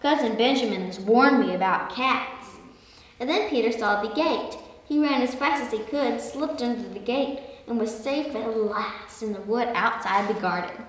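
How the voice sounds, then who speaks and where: A woman reading a children's story aloud, slow and expressive. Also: a little high. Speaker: story reader. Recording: echoey hall, far from mic.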